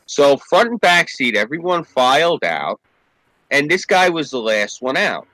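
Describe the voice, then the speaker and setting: A man's voice: on the high side, very animated, unhurried, bright, forceful tone, no echo, low-quality recording. A man casually telling a story among friends, acting out the voices of the people in it and swearing freely. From New York State. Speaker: podcast co-host.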